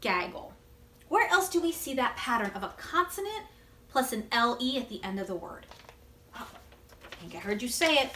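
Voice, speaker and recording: A woman teacher giving a video word-study lesson to young children, gently encouraging them and pausing for answers. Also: on the high side, big pitch swings, echoey room.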